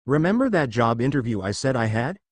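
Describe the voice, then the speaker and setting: A man's voice: mid-range voice, big pitch swings, brisk, no room sound. A man reading a playful young wife in a storybook, with a sassy, nonchalant way of talking.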